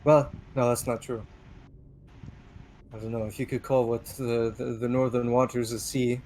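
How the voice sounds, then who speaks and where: A man's voice: medium pitch, level tone, normal speed, a little mellow, slight background noise, lightly acted. A man voicing a blunt female Viking paladin. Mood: plain.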